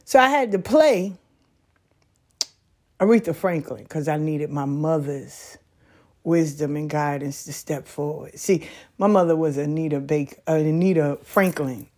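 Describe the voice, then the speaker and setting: A woman talking casually on a back porch outdoors, telling stories in a folksy, animated way. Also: low-pitched, a little slow. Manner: folksy, animated storytelling with laughs. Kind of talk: casual monologue.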